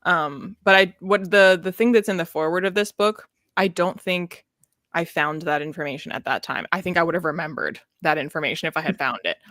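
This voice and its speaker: A woman's voice: fairly low pitch, brisk, fairly bright tone, no echo, clean studio sound. A woman hosting a casual book club discussion over a video call, chatty and full of fillers as she steers the talk.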